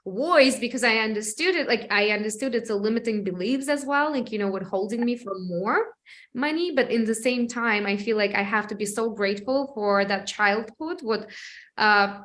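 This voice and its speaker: A woman's voice: a little high, normal speed, fairly bright tone. A woman from Russia with a Russian accent, hosting a podcast and talking casually with lots of "like, you know" fillers. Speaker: podcast host. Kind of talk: casual interview chat.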